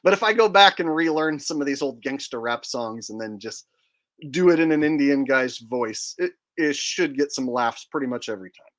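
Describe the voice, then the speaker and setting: A man's voice: medium pitch, expressive, normal speed, fairly bright tone. A man hosting a casual livestream, joking and rambling while he reads out chat comments. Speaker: livestream host.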